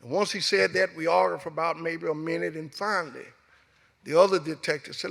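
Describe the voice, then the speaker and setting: Speaking in an echoey hall, a middle-aged guest speaker from Alabama with a Southern US accent relates a personal story and performs its dialogue. His voice sits on the high side, steady and brisk with vocal fry and a fairly bright tone.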